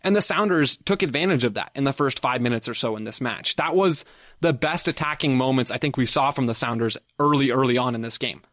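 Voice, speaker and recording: A man's voice: mid-range voice, brisk, a bit bright, dry recording, clean studio sound. A man co-hosting a casual soccer podcast, easygoing and leading the talk with frequent laughs. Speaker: podcast co-host.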